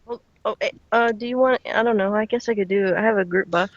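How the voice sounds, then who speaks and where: A woman hosts a gaming chat over a voice call. She talks in a loose, chatty way, laughing often and thinking aloud. Her mid-pitched voice comes through dry and a little dull. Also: fast, no room sound. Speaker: podcast host and group healer.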